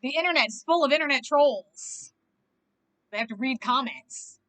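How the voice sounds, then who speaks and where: A woman reacting to a movie in casual commentary, animated and exclaiming, swearing constantly and laughing. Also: high-pitched, moderate pace, low-quality recording.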